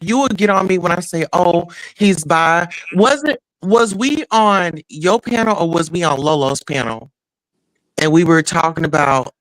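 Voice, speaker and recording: A man, ranting loudly and bluntly on a casual chat panel and swearing freely. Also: sits high, no echo, rough recording. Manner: loud, blunt and profane, ranting quickly with repeated words. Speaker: panel regular.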